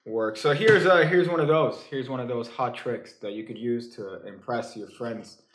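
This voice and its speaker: A halting, joking male card magician. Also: mid-range voice, a bit bright, reverberant. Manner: halting, full of fillers and restarts; dry, joking asides. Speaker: magician teaching a card trick. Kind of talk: casual comedic tutorial.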